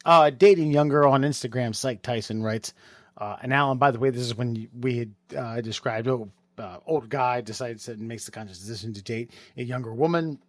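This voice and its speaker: A man co-hosting a casual podcast, reading out listener comments with lots of halting and throat clearing. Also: mid-range voice, no echo. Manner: halting reader, many fillers and throat clearing. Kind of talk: casual chat.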